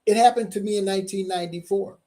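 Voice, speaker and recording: A man giving a motivational seminar presentation as a tax coach, emphatic, repeating key points slowly and firing questions at his audience. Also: high-pitched, fairly even intonation, warm tone.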